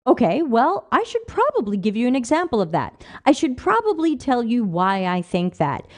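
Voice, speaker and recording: Mujer con voz animada y aguda. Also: female voice, fairly high pitch, moderate pace. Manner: animated, emphatic, rhetorical questions. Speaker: livestream host reading viewer comments. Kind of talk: casual livestream talk.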